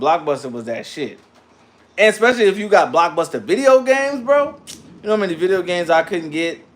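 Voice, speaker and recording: A man with a slightly high voice hosts a loose livestream and answers his chat as he goes. He talks in slang, animated and offhand, jumping between topics with plenty of asides. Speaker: livestream host reading chat.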